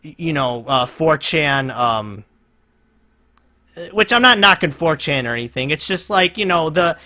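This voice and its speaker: Guy ranting at a video, swears a lot, rambles, kinda high bright voice. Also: expressive, unhurried. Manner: profane, rambling, mocking; laughs and restarts a lot. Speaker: reaction commentator. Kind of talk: reaction commentary.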